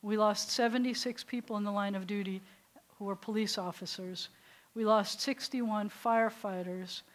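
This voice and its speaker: A woman with a Southern American accent leading a congregation through a service, giving gentle instructions. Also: mid-range voice, fairly even intonation, normal speed. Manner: warm instructive directions to a congregation. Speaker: service leader.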